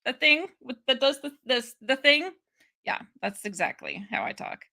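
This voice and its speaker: Casual commentator, young woman from Ohio, lively chatter, brightly toned voice. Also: high voice, moderate pace, vocal fry. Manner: chatty, laughing, animated asides. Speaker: political commentary streamer.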